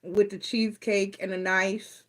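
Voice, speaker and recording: A woman's voice: medium pitch, level tone, unhurried, low-quality recording. A woman giving a casual tarot reading in a chatty, playful, teasing way. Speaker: tarot reader.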